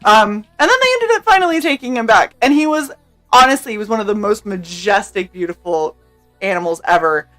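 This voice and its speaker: Young woman on stream telling a wild story, laughs a lot, swears, mid pitch, bit of quiet music behind. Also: a little fast. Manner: animated, laughing, swears freely, acts out quotes. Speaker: streamer co-host. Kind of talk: casual storytelling chat.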